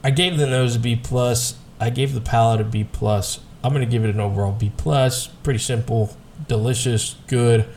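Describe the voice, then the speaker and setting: A man's voice: medium pitch, fairly even intonation, moderate pace, a little mellow, a little hiss or hum. A man co-hosting a podcast, talking in an easygoing, rambling way with many hesitations. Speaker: podcast co-host. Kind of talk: casual whiskey chat.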